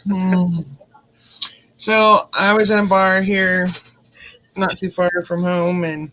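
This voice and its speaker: A woman's voice: on the low side, fairly even intonation, slow, a bit bright, a little hiss or hum, poor audio. A woman rambling through a story in casual chat, laughing often as she goes, with a drink in hand.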